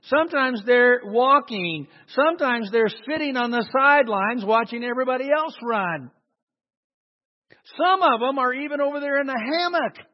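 A man's voice: very high-pitched, lively intonation, moderate pace. A man preaching a sermon to a congregation, emphatic and calling for responses. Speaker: pastor. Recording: dull sound in a long-reverb hall.

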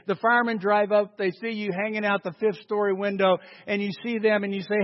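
High-voiced pastor preaching in a hall. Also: male voice, little pitch movement, quick pace, few pauses. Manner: dramatic swings from loud acted quotes to hushed emphasis. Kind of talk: sermon storytelling. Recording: dull sound with long hall reverb.

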